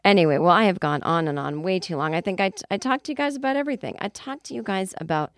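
Low-voiced woman telling a story. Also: fast talker. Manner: animated storyteller with shrieked outbursts. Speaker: podcast host. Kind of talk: casual storytelling monologue.

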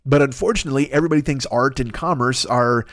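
Fast-talking, profane man hosting solo. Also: mid-range voice, fairly bright tone, no echo, clean studio sound. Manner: profane, rambling, riffing with voiced asides. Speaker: podcast host. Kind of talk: casual solo monologue.

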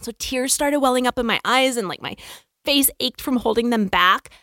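A woman telling a personal story in casual chat, animated, acting out the quotes. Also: normal speed, no echo, studio quality. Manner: animated, acts out quotes with big pitch jumps.

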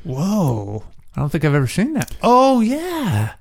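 A teasing man co-hosting a chatty podcast who laughs often. He speaks slowly and unhurriedly, and his pitch moves around a lot as he jokes. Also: wildly swooping pitch, creaky. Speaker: podcast co-host. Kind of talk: casual chat.

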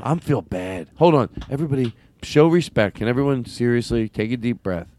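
A man's voice: medium pitch, expressive, fairly quick, a little mellow. A man hosting a comedy podcast, talking in a playful way and laughing often. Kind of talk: casual comedy chat.

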